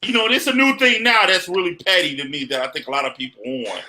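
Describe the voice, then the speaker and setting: A man's voice: high-pitched, fast talker, sharp tone. A man co-hosting a podcast in casual, blunt, profane chat. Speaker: podcast co-host.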